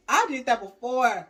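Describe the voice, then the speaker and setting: A woman in a casual panel chat, joking and laughing through her stories. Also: a little high. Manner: giggly, joking, animated.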